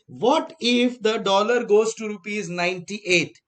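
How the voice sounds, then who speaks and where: A man's voice: sits high, measured pace, a bit bright. A man with an Indian accent giving a classroom lecture on finance, quizzing the class and repeating key phrases. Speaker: finance teacher.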